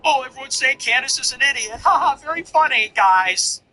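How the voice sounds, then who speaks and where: A man's voice: high voice, steady tone, moderate pace, pushed and bright, heavily acted, low-quality recording. A man putting on a whiny, defensive voice to mock a female political commentator in a sarcastic, sing-song way.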